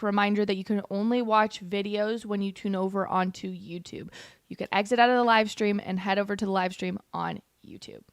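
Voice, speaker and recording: A woman's voice: mid-range voice, a bit bright, smooth, no echo, studio quality. A young woman hosting a livestream, reacting to clips with blunt, heated, sarcastic commentary. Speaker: political commentary host.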